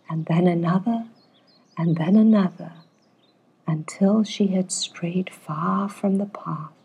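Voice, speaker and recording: A woman narrating a bedtime fairytale, soft and hushed, often dropping to a half-whisper. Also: medium pitch, slightly rough. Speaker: storyteller.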